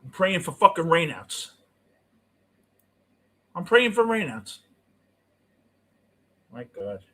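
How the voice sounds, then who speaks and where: A middle-aged man with a New York accent ranting as a postgame show host, cursing and swinging between yelling and muttering. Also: fairly high pitch, sing-song, slow. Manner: profane, swings from shouting to muttering. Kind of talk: ranting fan commentary.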